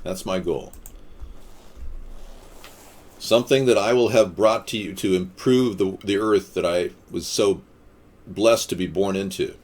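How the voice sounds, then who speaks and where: A man hosting a casual live stream, answering viewer comments in a rambling, deadpan-joking way with quips and rants. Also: low voice, a little slow, pauses often. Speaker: livestream host.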